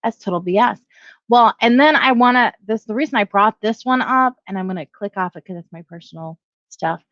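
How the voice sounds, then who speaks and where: A woman's voice: medium pitch, brisk, fairly bright tone, no room sound, lo-fi sound. A middle-aged woman giving casual opinion commentary, rambling, correcting herself and reading headlines aloud. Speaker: video blogger.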